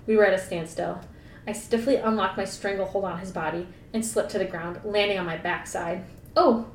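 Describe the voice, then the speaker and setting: Reading a novel aloud, a woman podcast co-host breaks off repeatedly to crack playful, sarcastic jokes and laugh. The sound is echoey with a faint rumble, as the mic is placed at a distance.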